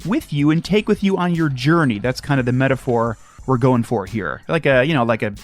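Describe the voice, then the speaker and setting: A man co-hosting a spooky podcast, joking and chatty, reading plugs and phone numbers slowly. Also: mid-range voice, lively intonation. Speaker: podcast co-host. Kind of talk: casual chat.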